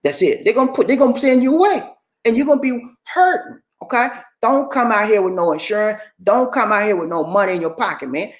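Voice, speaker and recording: A man's voice: high voice, expressive, quick pace. Blunt man, echoey room. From Georgia, USA. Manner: blunt, preachy, colloquial. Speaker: livestream host. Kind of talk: casual livestream chat.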